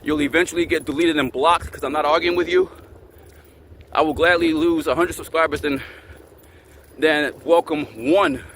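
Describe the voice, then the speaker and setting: A man rants straight into his camera outdoors, with faint traffic noise behind him. His voice sits a little high for a man, and he talks in angry, profane bursts, hammering the same phrases again and again. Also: fairly even intonation, moderate pace, pauses often, fairly bright tone. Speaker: channel host. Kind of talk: ranting to camera.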